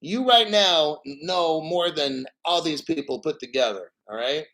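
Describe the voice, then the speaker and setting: A man's voice: on the high side, unhurried, sharp tone, low-quality recording. A man hosting a crypto livestream, ranting with heated rhetorical questions and frequent swearing.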